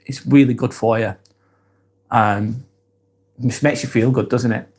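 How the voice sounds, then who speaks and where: A man's voice: mid-range voice, steady tone, a little slow, slightly rough. Chill guy reading out comments on his livestream, easygoing, voice drops off at the ends of sentences. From England. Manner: laid-back, chatty, trails off softly at phrase ends. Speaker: live-stream host. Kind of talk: casual live-stream chat reading comments.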